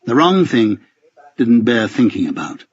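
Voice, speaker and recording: A man's voice: medium pitch, very animated, a little slow, husky, dry recording, highs cut off. A man narrating a first-person audiobook with a dry, wry, understated delivery.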